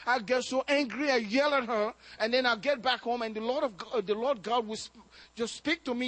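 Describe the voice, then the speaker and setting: High-voiced man preaching a sermon. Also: fairly quick, a bit bright, dry recording. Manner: storytelling with acted quotes and laughs. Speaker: pastor.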